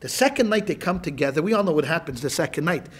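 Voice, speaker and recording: Husky high-voiced rabbi telling a story. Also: male voice, fast. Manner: animated, joking, talks straight to the class. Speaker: rabbi teaching a class. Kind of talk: lively storytelling lecture.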